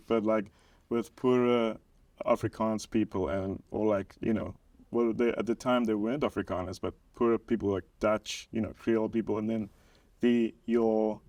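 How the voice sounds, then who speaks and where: A young South African man, a documentary maker, explaining history in a relaxed chat, hedging with many fillers. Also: lowish voice, dry recording. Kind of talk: casual podcast chat.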